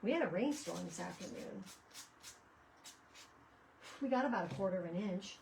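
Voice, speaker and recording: A woman's voice: mid-range voice, lively intonation, normal speed, vocal fry, darkish tone, a little hiss or hum. A woman chatting casually while she does crafts at home, rambling from one story to the next with lots of restarts. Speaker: craft vlogger. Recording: voice picked up from a distance.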